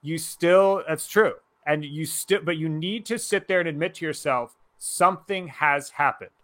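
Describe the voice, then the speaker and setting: A man co-hosting a casual talk show over a video call, ranting loudly and swearing often. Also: fairly high pitch, normal speed. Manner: loud, profane, ranting. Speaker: podcast co-host. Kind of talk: casual chat.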